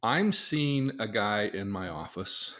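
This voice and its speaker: An older man speaks in a fairly low voice, recounting a session with a client. He tells it earnestly, acting out the lines of the conversation as he goes. It sounds like a relaxed, conversational talk. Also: takes it slowly. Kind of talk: storytelling in a conversation.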